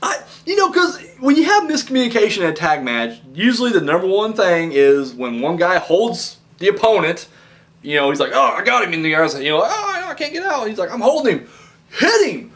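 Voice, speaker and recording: A man's voice: high-pitched, brisk. A man giving a rambling, casual wrestling review, swearing often and acting out what the wrestlers said. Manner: rambling, animated, profane, acts out wrestlers' lines. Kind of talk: casual commentary.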